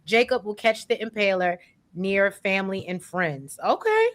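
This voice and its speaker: A woman's voice: medium pitch, moderate pace, crowd noise. A woman hosting a casual recap chat, reading viewer comments aloud with slangy, exclamatory asides. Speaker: podcast host reading comments.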